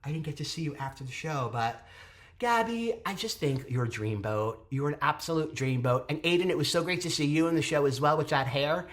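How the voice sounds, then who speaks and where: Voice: mid-range voice, brisk, few pauses, a bit bright. A theatre reviewer vlogging in a gushing, theatrical way, rambling and interrupting themself, with whispered asides. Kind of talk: excited casual review monologue.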